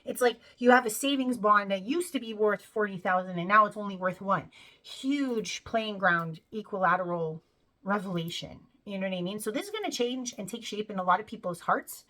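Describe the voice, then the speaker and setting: A woman's voice: mid-range voice, lively intonation, moderate pace, bright, forceful tone. Chatty woman talking to her viewers. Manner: chatty, peppered with "you know" and "right?"; laughs while telling the story. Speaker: spiritual video creator. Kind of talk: casual monologue to camera.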